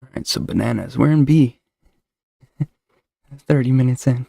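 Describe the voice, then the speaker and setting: A man with a heavily gravelly, fry-laden voice talks loosely and jokingly, often tripping over his own sentences. His tone is dark and mellow, and the sound is dry and close, straight into a desk microphone. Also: medium pitch, animated, a little slow, pauses often, dry recording. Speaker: show host. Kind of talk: casual solo podcast chat. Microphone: desk mic with noise suppressor.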